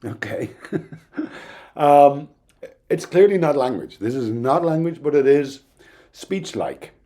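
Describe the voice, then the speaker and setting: A middle-aged man giving a recorded university lecture in an explanatory, thoughtful way, pausing now and then with "um". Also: mid-range voice, mellow. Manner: explanatory, thoughtful, with occasional ums and restarts.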